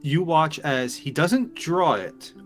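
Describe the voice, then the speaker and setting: A man runs a live tabletop game as game master. His narration is loose and full of fillers, with soft music playing underneath. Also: on the high side, slow pace.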